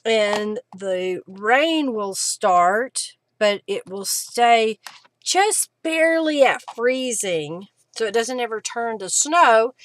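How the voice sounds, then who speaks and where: A woman's voice: fairly high pitch, expressive, slow. A middle-aged woman, chatting casually and answering viewer comments as she works on a craft live stream. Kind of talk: casual chat while crafting.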